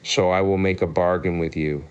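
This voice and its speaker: A man voicing a proud, clever woman of the cave in a storybook reading, calm and measured. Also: low voice, clean tone, muffled recording, natural voice.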